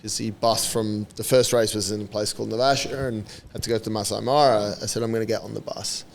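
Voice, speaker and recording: A man's voice: lowish voice, steady tone, quick pace, vocal fry, slight background noise. A man in a podcast interview, telling a story in a casual way. He laughs often, swears and acts out what others said. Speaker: podcast guest.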